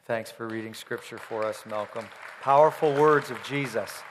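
A man's voice: mid-range voice, moderate pace, a faint crowd, slight background noise. A male pastor leads the service in a loose, conversational way, with lots of fillers. The sanctuary adds a long echo, and a faint congregation can be heard. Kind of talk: sermon. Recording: reverberant church hall.

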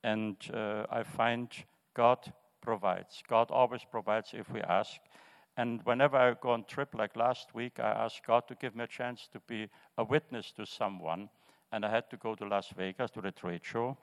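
A man's voice: on the low side, steady tone, gravelly. Older man in a hall. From Austria. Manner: halting, with fillers and restarts. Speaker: congregation member sharing testimony. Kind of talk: personal testimony in church. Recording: reverberant church hall.

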